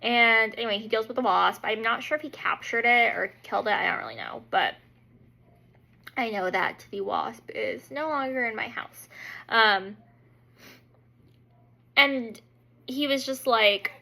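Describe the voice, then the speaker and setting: Chatty woman with a bright voice. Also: on the high side, unhurried, gravelly, long pauses. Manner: chatty, full of "like" fillers; animated, acts out her own reactions. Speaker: beauty vlogger. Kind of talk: casual storytelling.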